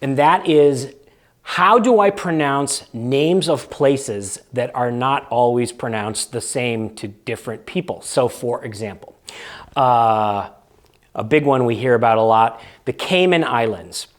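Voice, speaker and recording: A man's voice: medium pitch, unhurried. A man hosting a casual vlog, explaining things in a chatty, conversational way with frequent fillers and restarts. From United States. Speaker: vlog host.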